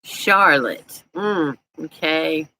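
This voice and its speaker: A woman's voice: deep voice, drawn-out words, bright, forceful tone, low-quality recording. A woman with a Southern US accent hosting a casual live stream, reading viewer comments in a chatty, folksy way and laughing often.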